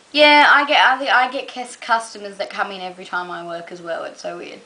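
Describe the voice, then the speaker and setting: Bright chatty young Australian woman. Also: medium pitch, fairly quick, few pauses, rough recording. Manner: rambling, full of "um" and "like". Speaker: vlogger. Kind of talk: casual chat to camera.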